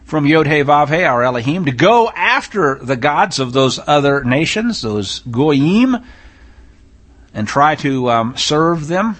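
A man delivers a sermon-style teaching on scripture, blunt and emphatic. His voice sits a little high for a man, and it climbs when he reads passages aloud with mounting intensity. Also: lively intonation, unhurried, a bit bright.

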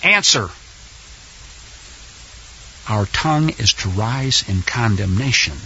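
A man preaching a fiery sermon, impassioned and sarcastic, sometimes shouting. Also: high-pitched, very animated, unhurried, highs cut off, a little hiss or hum.

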